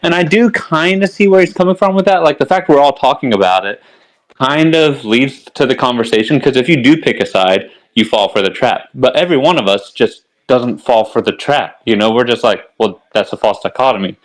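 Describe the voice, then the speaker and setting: A man's voice: mid-range voice, animated, brisk. A man co-hosting a livestream, talking in casual chat with lots of "like" and "you know". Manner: conversational, frequent "you know" and "like". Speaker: livestream co-host.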